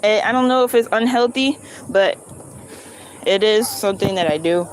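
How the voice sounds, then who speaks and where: A woman's voice: mid-range voice, normal speed, poor audio. A young woman, talking casually and animatedly on a live stream while walking around outdoors. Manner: chatty, animated, spiritual talk, swings to loud excitement. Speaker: livestreamer. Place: outdoors in a city, walking with bags. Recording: outdoor street noise behind.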